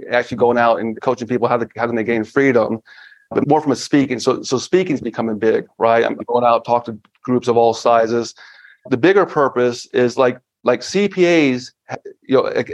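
A man in his fifties, a guest on a business podcast, talking casually and with energy, often breaking into excited quoted asides. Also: medium pitch. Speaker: podcast guest, finance firm founder. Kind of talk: casual interview talk. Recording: slightly dull lo-fi audio.

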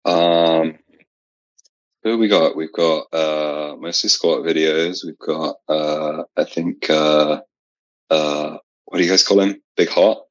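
A British man chatting casually as a podcast guest about strongman lifting, pausing often with fillers. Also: extremely low pitch, fairly even intonation, dry recording, dull audio. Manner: hesitant, many fillers. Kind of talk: casual chat.

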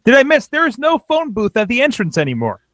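A man's voice: very high-pitched, huge pitch swings, fast, a bit bright, no room sound. A man co-hosting a casual wrestling chat show from a home studio, rambling and interrupting himself. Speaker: podcast co-host. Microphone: webcam.

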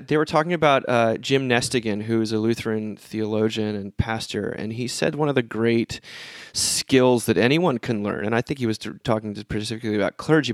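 A man's voice: medium pitch, no room sound, studio quality. A man co-hosting a podcast, telling long stories in casual chat with many restarts. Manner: rambling storyteller, many restarts. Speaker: podcast co-host.

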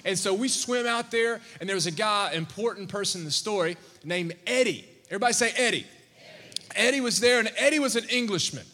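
A man preaching to his congregation, telling a story with animated energy and calling questions out to the crowd. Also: high voice, quick pace. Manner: animated, calls out questions to the audience. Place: church sanctuary. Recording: long church-hall reverb.

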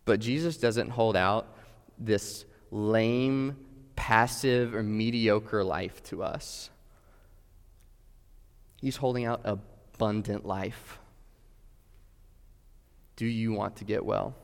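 A man's voice: on the low side, slow pace, gravelly, pauses often. A man preaching a sermon, earnest and direct, putting questions straight to his listeners. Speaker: pastor. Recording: long hall reverb.

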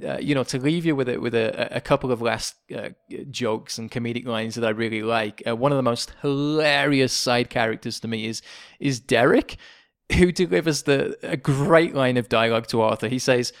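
A man's voice: medium pitch, moderate pace, smooth. An English man co-hosting a podcast, chatting enthusiastically about a favorite comedy film and laughing often as he recalls the jokes. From England. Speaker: podcast co-host. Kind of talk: casual film discussion.

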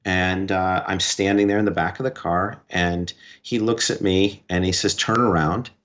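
Guy with a lowish voice telling a story on a podcast, lots of quoting back and forth, kinda muffled dull audio. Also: level tone. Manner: recounts events in quick short bursts, quoting dialogue. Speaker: podcast guest. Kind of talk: conversational storytelling. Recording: dull lo-fi recording.

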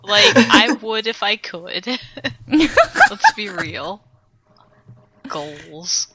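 A woman's voice: fairly high pitch, huge pitch swings, takes it slowly, background noise. An American woman podcast co-host chatting casually, laughing a lot and exclaiming. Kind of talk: casual chat.

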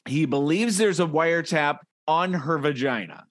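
Animated man hosting a comedy chat. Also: fairly high pitch, moderate pace, no room sound, studio quality. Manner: animated, reads comic panels aloud, laughs often. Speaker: podcast co-host.

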